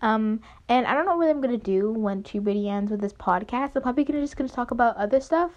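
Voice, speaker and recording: A woman's voice: fairly high pitch, quick pace. A young woman hosting a casual solo podcast, rambling with many fillers and restarts. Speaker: podcast host. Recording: dull lo-fi home recording.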